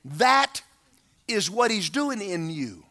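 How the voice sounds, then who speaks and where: A man preaches a sermon in a high, bright voice. He is animated, swings his pitch widely, acts out voices and rises to shouts at the peaks. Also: takes it slowly.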